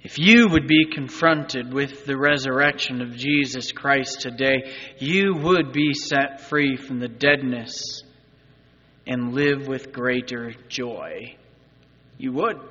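A male pastor giving an Easter sermon, moving between loud, urgent appeals and quiet, earnest asides. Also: medium pitch, slow pace, breathy edge, long reverb tail, lo-fi sound. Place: church sanctuary.

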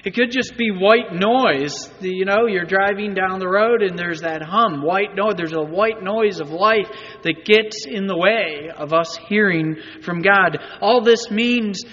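A man's voice: high-pitched, unhurried, few pauses, a bit bright, in a large hall, highs cut off. A man preaching a sermon as pastor, in a conversational manner that often asks the congregation rhetorical questions.

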